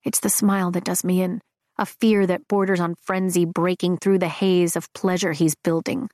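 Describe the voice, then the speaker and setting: A woman reading first-person romance narration in an intimate, expressive way. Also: on the low side, moderate pace, no room sound, studio quality. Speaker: audiobook narrator.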